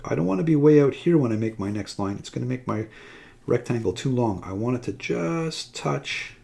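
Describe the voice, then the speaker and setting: A man's voice: medium pitch, vocal fry. A man teaching a math lesson, explaining a method step by step while he draws. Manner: relaxed, talks step by step while drawing. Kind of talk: classroom demonstration lesson.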